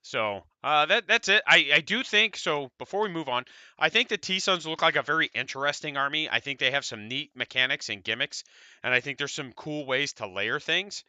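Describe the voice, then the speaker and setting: An American man co-hosts a podcast about tabletop wargames, chatting in a loose, rambling way and cursing occasionally. His voice sits on the high side with lively intonation and a moderate pace, sounding pushed and bright. There's no room sound.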